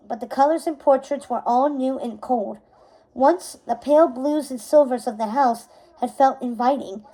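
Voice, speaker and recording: A woman reading a novel aloud as narrator, steady and unhurried, now and then correcting a word. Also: sits high, low-quality recording.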